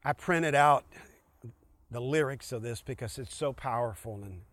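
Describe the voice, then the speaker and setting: A man's voice: medium pitch, normal speed, fairly bright tone, no echo. Earnest man preaching a streamed sermon. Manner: earnest, repeats key phrases, restarts often. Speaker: pastor.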